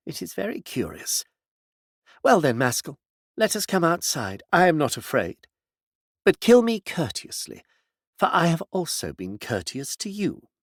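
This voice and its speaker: A man's voice: a little high, dry recording, studio quality, voice pushed up, heavily acted. A man voicing a proud, composed woman. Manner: gently reproachful, coolly courteous.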